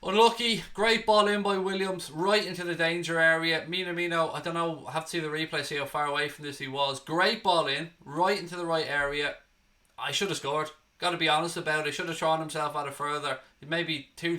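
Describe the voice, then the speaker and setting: Sweary, bright-voiced Irish-born man commentating. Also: fairly high pitch, fairly quick. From Ireland. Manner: excitable, blunt and sweary. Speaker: fan channel host. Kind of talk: live watchalong commentary.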